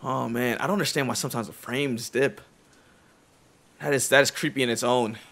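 A young man giving excitable, jumpy commentary while playing a horror game, repeating himself and using slang. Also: medium pitch, brisk. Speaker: gamer.

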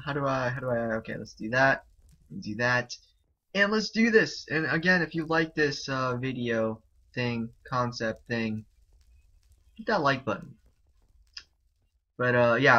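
A young man chatting excitably and repeating himself as he gives casual commentary on a game he is playing. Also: medium pitch. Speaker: gaming YouTuber. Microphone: desk mic, no headset. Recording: dull lo-fi home recording.

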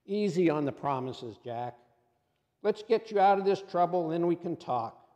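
A man voicing God as a calm, patient presence, speaking gently but firmly. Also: on the high side, moderate pace, big-room sound, natural voice.

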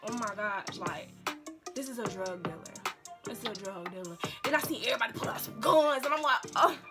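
A young woman chats through a storytime with lively energy, her pitch sitting a little high and jumping into even higher squeals when she acts out quotes. She laughs often between lines, and loud music plays behind her voice. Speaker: vlogger. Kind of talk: casual storytime.

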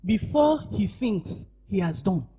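A woman pastor delivers a sermon slowly in a medium-pitched, slightly rough voice with big pitch swings. She goes from shouting for emphasis to hushed asides, inviting the congregation's responses.

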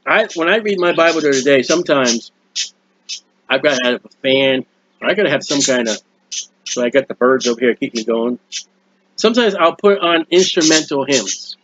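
A man preaching a sermon in an earnest, rambling way, with restarts and quiet asides, recorded at home. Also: mid-range voice, moderate pace, dull audio, a little hiss or hum. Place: at home, birds heard nearby.

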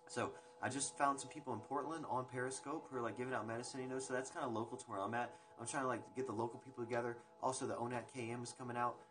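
He speaks very fast with hardly any pauses, in a mid-range voice with a steady tone. The young man is hosting a casual livestream from home on his phone, rambling between topics with viewers and swearing occasionally while music plays in the background.

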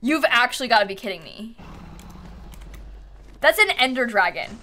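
A woman streaming a video game live, muttering softly to herself, then shrieking and laughing when things go wrong. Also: a little high, normal speed, pauses often. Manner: excitable, shrieks and laughs at setbacks. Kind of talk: live gameplay commentary.

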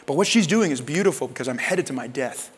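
A preacher doing a firm, calm teacher's rebuke. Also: male voice, medium pitch, fast talker, slightly rough, long reverb tail. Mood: stern. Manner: stern yet casual rebuke. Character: calm, firm male teacher defending a woman.

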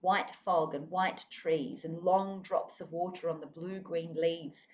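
A woman's voice: fairly low pitch, steady tone, takes it slowly, a little mellow, a little hiss or hum. A woman reading a children's novel aloud expressively, now and then speaking to her listeners. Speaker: reader.

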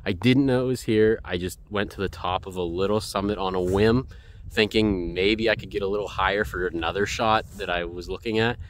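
Male outdoor vlogger, low-pitched, excitable and gushing, handheld camera outdoors. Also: fairly quick, a little hiss or hum. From United States. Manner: excitable, gushing, repeats himself. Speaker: hiking photography vlogger. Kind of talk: excited vlog narration while hiking. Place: outdoors on a cold snowy mountain trail.

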